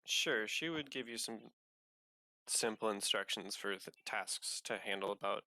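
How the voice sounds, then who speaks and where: A man narrating as game master of a tabletop game at an unhurried pace, pausing often on fillers. His voice is bright and sits close and dry on the mic. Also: on the low side, dry recording. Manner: unhurried, hesitant with many fillers.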